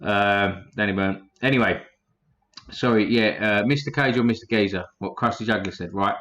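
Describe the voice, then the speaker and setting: A man's voice: lowish voice, normal speed, a bit bright. A man hosting a casual livestream, reading chat names aloud in a blunt, profane way.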